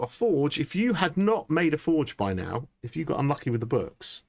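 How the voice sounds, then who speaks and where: Excitable man streaming gameplay. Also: mid-range voice, a little fast, hardly any pauses. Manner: chatty, excitable, thinking aloud. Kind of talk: live gameplay commentary.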